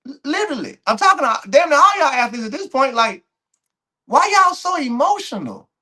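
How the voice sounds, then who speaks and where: A male host of a track and field commentary show, speaking in a high voice. He rants bluntly at his audience, tumbling through restarts and repeated words with a lively, swooping delivery. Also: a little fast. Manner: heated, blunt, repeats words and restarts often, laughs between points. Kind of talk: ranting commentary to camera.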